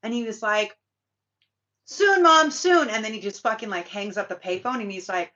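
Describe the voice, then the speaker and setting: A woman with a sharp, bright voice delivers a spiritual talk in a loose, rambling way. She swears freely and leans on fillers as she circles her point. The recording is dull and lo-fi. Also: medium pitch, fairly even intonation, quick pace. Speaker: spiritual reader and channel host. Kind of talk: casual spiritual monologue. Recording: dull lo-fi sound.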